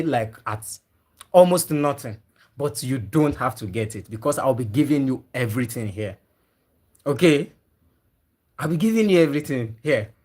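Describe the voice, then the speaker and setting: A man teaching a live online class on fish farming, repeating his key points again and again and talking to viewers typing in the chat. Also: a little high. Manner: emphatic, repeats key points many times.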